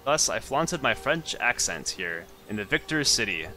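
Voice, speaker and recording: A man's voice: mid-range voice, very animated, moderate pace, a little hiss or hum. A man hosting a let's play who reads the game's story text aloud and breaks off into chatty, puzzled asides. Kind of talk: casual gameplay commentary, reading game text aloud. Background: loud game music.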